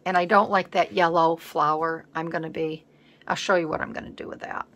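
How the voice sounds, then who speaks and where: A woman hosting a collage video, chatting casually as she works at a home craft table, rambling and thinking aloud, sometimes dropping to a soft murmur. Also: low-pitched, fairly even intonation, a little fast. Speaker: collage artist host.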